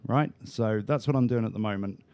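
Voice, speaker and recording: A man with a fairly low voice chats easily, slipping in jokes and friendly teasing. The sound is close and dry, with no room around it. His talk is loose and unscripted. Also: brisk, smooth, no room sound. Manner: jokey, teasing, relaxed. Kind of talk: casual chat.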